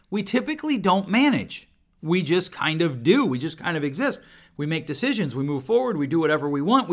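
A man's voice: high voice, fairly bright tone. A middle-aged man hosting a solo podcast, talking earnestly and reflectively at his computer mic, often restarting and repeating words. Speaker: podcast host. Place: home recording setup at a computer. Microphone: desk microphone.

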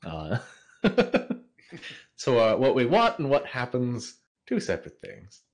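A man's voice: mid-range voice, wildly swooping pitch, takes it slowly. A man as the guest on a casual podcast, answering questions hesitantly with lots of ums and easy laughter. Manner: hesitant, many fillers, laughs easily. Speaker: interview guest.

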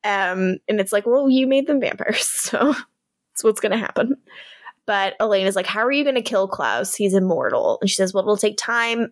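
A young woman co-hosting a podcast, recapping a show in casual chat, animated and laughing as she quotes characters. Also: mid-range voice, no room sound, clean studio sound. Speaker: podcast co-host.

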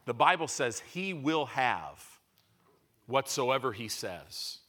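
A man preaching a sermon to a congregation, moving between loud, emphatic bursts and quiet, measured asides. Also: mid-range voice, big pitch swings.

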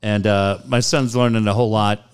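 A man in his forties hosting a talk radio show, telling blunt, animated stories with swearing and reading ads. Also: on the low side, a little fast, smooth. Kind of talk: casual sports talk and live ad reads.

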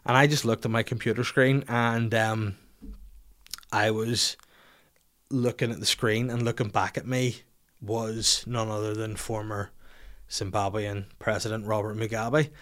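A man's voice: lowish voice, level tone, measured pace, a bit bright. A young man hosting a podcast, telling crude, rambling comic stories in casual chat. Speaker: podcast host.

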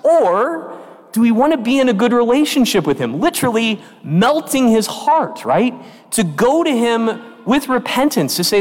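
A man preaching a homily as parish priest, telling stories with animated quoted voices, recorded in a church. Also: extremely high pitch, moderate pace. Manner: storytelling with lively quoted voices. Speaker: pastor. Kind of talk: sermon. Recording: long reverb of a church.

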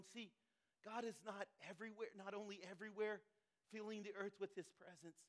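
A man's voice: high-pitched, steady tone, a little fast. A man delivering a sermon as a pastor to his congregation, building intensity with repeated phrases.

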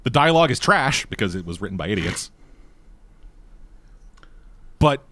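A man's voice: on the low side, normal speed, dry recording. A man co-hosting a casual movie review chat, talking bluntly and swearing freely. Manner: profane, blunt, animated. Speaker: podcast co-host.

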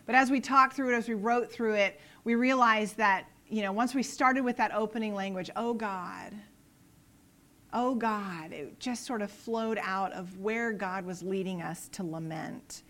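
A woman preaching a sermon in an earnest way, moving between soft, quiet lines and emphatic ones, and closing in prayer. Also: medium pitch, steady tone, normal speed, few pauses. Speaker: pastor.

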